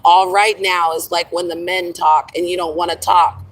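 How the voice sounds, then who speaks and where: A woman's voice: lowish voice, little pitch movement, normal speed, far from the mic, low-quality recording. A middle-aged woman chatting casually on a livestream, rambling and laughing often, calling listeners honey. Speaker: livestream host.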